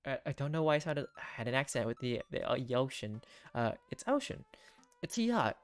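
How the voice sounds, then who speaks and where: A woman streamer reading a dating game aloud and joking through it in quick, self-mocking asides on a close mic. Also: very deep voice, big pitch swings, clear, resonant tone. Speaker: gaming streamer. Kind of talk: casual let's-play commentary, reading game text aloud.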